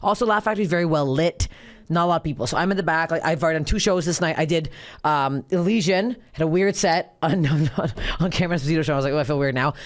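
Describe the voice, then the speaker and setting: A woman hosting a comedy podcast, telling a story in casual chat with lots of swearing and restarts. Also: deep voice. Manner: rapid, profane, animated storytelling with many restarts. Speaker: podcast host.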